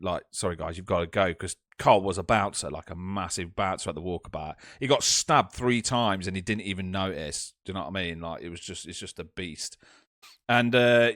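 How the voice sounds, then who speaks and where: A young man, telling a ghost story in casual podcast chat, swearing freely and laughing loudly. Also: low-pitched, no echo, clean studio sound. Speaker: podcast co-host.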